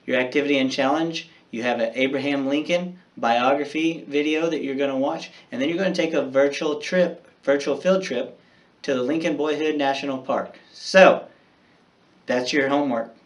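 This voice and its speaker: A man's voice: on the high side, moderate pace, recorded from a distance. A male teacher reading a children's chapter book aloud and then recapping homework, speaking directly and encouragingly to his students.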